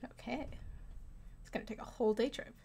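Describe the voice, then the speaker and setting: A woman's voice: fairly high pitch, steady tone, brisk, gravelly, warm tone, breathy edge. A woman giving casual, joking commentary while playing a game, laughing often and muttering asides. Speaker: gaming streamer. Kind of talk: casual let's play commentary.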